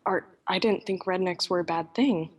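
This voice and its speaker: A woman's voice: fairly low pitch, moderate pace, breathy edge. A woman calling in to a show, talking in a sweet, effusive and pleading way. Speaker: caller. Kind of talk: casual call-in chat.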